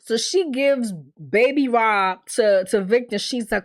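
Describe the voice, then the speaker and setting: A woman hosts a casual recap of a TV episode, speaking directly to her viewers with emphatic exasperation and swearing freely. Her voice is on the high side and unhurried.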